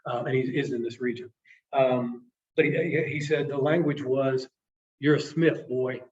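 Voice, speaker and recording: A man telling a personal story to an audience in a presentation, halting and repeating words, acting out the people he quotes, emotional at times. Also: medium pitch, fairly even intonation. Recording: distant, dull lo-fi sound.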